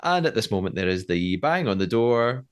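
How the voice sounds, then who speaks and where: A man's voice: lowish voice, very animated, moderate pace, smooth. A man co-hosting a podcast, recapping a show in casual chat and laughing often. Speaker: podcast co-host.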